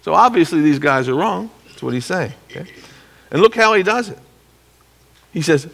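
A middle-aged man teaching from the Bible as a pastor, animated, acting out quotes and clearing his throat now and then. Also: a little high, normal speed, pauses often, in a large hall.

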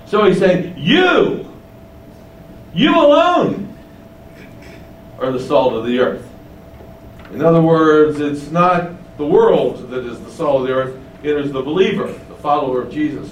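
A man preaching a sermon, teaching slowly and emphatically, stressing key words with rising pitch. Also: roomy sound, recorded from a distance, slight background noise, low-quality recording.

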